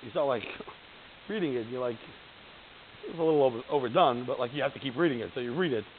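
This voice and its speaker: A man giving an informal Torah class to a group, animated, laughing and acting out the voices he quotes. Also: mid-range voice, fast talker. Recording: tinny phone-line sound with faint hiss.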